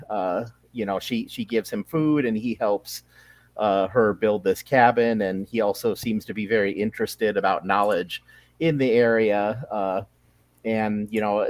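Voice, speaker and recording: Brief: male author, lowish voice, halting explainer turned story narrator. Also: a little mellow, dry recording. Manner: hesitant with fillers when explaining. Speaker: author reading his story. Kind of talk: casual setup then read-aloud narration.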